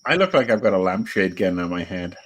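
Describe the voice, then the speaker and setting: A man's voice: low voice, big pitch swings, fast, a bit bright. A man co-hosting a podcast over a video call, jokey and teasing in banter. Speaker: podcast co-host. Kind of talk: casual chat.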